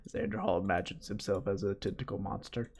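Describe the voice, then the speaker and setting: Man, podcast co-host, teasing crude banter, lively swinging pitch. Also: vocal fry, breathy edge. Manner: teasing, crude, bursts of laughter.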